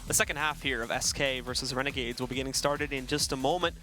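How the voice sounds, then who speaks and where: A man calling a live esports match play by play, energetic and rapid, speaking into a headset. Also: mid-range voice, over music. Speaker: esports commentator.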